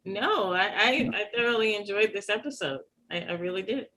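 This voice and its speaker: A woman co-hosting a casual TV recap chat, giving measured, thoughtful opinions. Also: medium pitch, lively intonation, sharp tone, rough recording. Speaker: podcast co-host.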